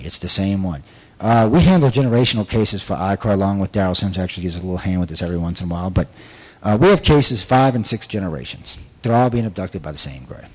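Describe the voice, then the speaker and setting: A man's voice: on the low side, darkish tone, low-quality recording. A man giving a casual talk to an audience as an abduction researcher, rambling and emphatic with frequent restarts. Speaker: abduction researcher and regression investigator.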